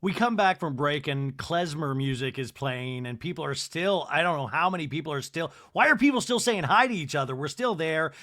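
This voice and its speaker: A man's voice: a little high, brisk, few pauses. A man hosting a podcast, recapping a reality show in a gossipy, comedic way. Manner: animated, gossipy, lots of "like". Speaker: podcast host.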